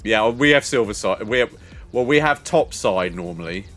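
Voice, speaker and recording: A man's voice: on the low side, lively intonation, normal speed, fairly bright tone. An older man, chatting casually with viewers as a streamer, rambling and laughing often. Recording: faint music behind.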